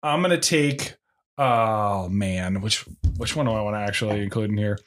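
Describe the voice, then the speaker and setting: A man's voice: fairly low pitch, moderate pace, a bit bright. A man co-hosting a casual comedy podcast who rambles with plenty of swearing and fillers and laughs at his own retellings. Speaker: podcast co-host.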